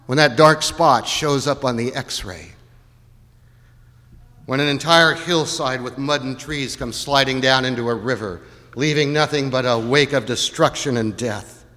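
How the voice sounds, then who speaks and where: A male pastor preaching with dramatic swings between hushed and loud. His voice is bright and forceful, and a long hall reverb trails every phrase. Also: mid-range voice, measured pace. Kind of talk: sermon.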